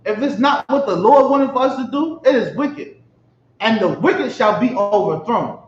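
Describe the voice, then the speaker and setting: A man's voice: extremely high pitch, expressive, normal speed. A man preaching with emphatic rhetorical questions, often asking if his listeners understand. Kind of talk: street-style religious preaching. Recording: echoey lo-fi room recording.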